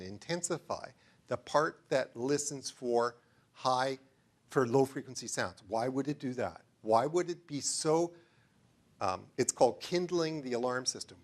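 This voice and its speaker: A middle-aged man giving an enthusiastic, digressive lecture in a room full of listeners, often stopping to ask them questions. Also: mid-range voice. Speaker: researcher giving a talk. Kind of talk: lecture to a live audience.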